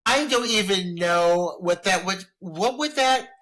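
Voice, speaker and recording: A man co-hosting a podcast, chatting about a horror film in excitable, profane banter. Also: sits high, a little slow, a crowd in the background, low-quality recording. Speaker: podcast co-host. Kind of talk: casual film discussion.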